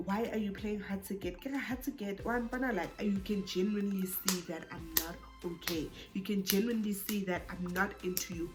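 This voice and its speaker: Young south african girl doing a storytime, mid voice, gets loud n exasperated, soft music behind. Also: mid-range voice, a little fast, few pauses. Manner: animated, code-switching, rising into exasperated bursts. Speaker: YouTuber. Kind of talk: storytime vlog.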